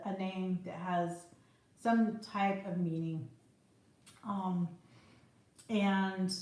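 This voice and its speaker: A middle-aged woman hosting a relaxed tasting chat, chatty and often laughing. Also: medium pitch. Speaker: author hosting a release celebration. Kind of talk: casual chat during a tasting. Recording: very echoey room.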